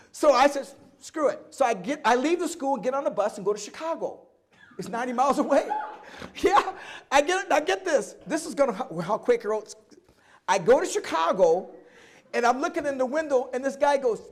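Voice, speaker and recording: Animated older man telling stories. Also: extremely high pitch. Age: 70s. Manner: animated storyteller who acts out dialogue and laughs often. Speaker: oral history guest. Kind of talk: live oral history storytelling.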